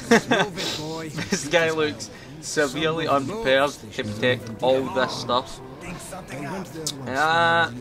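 A young man giving casual, jokey commentary while playing a video game, talking to his viewers. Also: on the high side. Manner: chatty, jokey, talks to viewers. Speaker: gaming commentator. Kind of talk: casual let's-play commentary.

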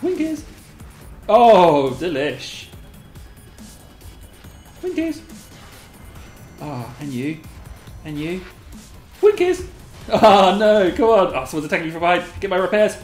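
A host giving live gameplay commentary, excitable and giggly, squealing a high catchphrase, then muttering quietly to themself. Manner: mutters quietly to self between bursts. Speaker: gaming video host. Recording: roomy echo, faint game music behind.

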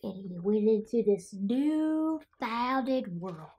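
A woman's voice: fairly high pitch, lively intonation, slow pace, a little mellow, slightly rough, full character voice. A woman playing Pickles, a quirky childlike woman who says she was raised by wolves, reading a picture book aloud with chatty asides about herself in the third person. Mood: storytelling. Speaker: storyteller.

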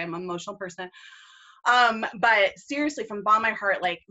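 A woman's voice: medium pitch, pushed and bright, dull audio. A woman leading a team video call, enthusiastic, casual and gushing as she encourages her group. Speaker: team leader and mentor.

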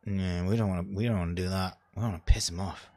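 A young man giving casual, sarcastic gameplay commentary, chatty and swearing, with sudden loud outbursts. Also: low voice, steady tone, fast. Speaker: let's play gamer.

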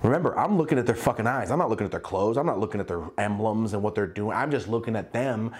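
A man telling a casual storytime vlog about his clothing brand, profane and animated, acting out quotes in loud high voices. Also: fast talker, hardly any pauses. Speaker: clothing brand owner and YouTuber.

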